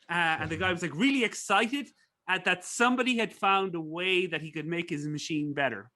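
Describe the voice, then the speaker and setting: An Irish business professor appears as a guest in a casual interview, his voice on the high side, pushed and bright, at a normal speed. He rambles through stories with plenty of fillers and restarts.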